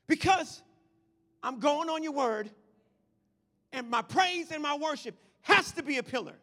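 A man preaching a sermon in a church, swinging from quiet talk to shouted praise. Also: extremely high pitch, lively intonation, unhurried, long pauses. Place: church hall. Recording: long hall reverb.

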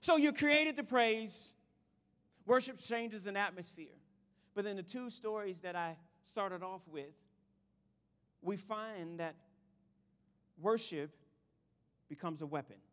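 A man preaching a lively sermon to his congregation, swinging from shouts to quiet asides. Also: high-pitched, slow, long pauses. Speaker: pastor. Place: church sanctuary. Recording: long hall reverb.

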